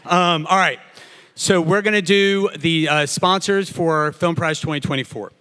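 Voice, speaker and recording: Man, awards host, bright tone, clear, rallies crowd, long reverb. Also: on the high side, a little slow. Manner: loud, jokey, rallies the crowd, often gets emotional. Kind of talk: live emcee remarks to an audience.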